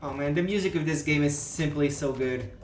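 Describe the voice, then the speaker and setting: A man's voice: a little high, moderate pace, reverberant, soft background music. A man hosting a casual game stream, joking and teasing while giving tips. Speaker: stream host gamer. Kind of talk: casual gameplay chat.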